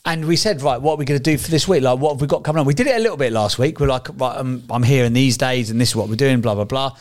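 A man's voice: medium pitch, racing, darkish tone. A man co-hosting a podcast in casual chat, rambling and swearing freely. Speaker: podcast co-host.

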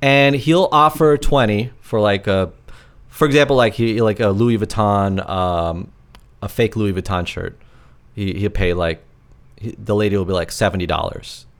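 A man's voice: lowish voice, measured pace. A man co-hosting a podcast from his apartment, chatting casually and rambling with lots of filler words. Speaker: podcast co-host. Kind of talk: casual chat.

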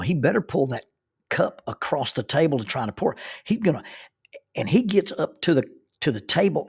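Middle-aged male preacher, husky tone, spinning a funny story at his own expense. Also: medium pitch, a little mellow. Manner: self-deprecating, chuckling narrator. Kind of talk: humorous personal storytelling.

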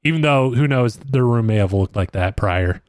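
A man's voice: medium pitch, animated, moderate pace, no echo, clean studio sound. A man co-hosting a podcast, making wry, sarcastic remarks while recapping a reality show. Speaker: podcast co-host.

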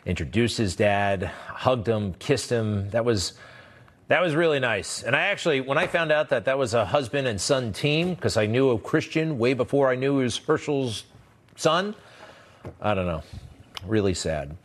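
A man delivers a political commentary monologue at an ordinary middle pitch. He is sarcastic and emphatic and leans on rhetorical questions. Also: lively intonation, moderate pace. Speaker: commentary host.

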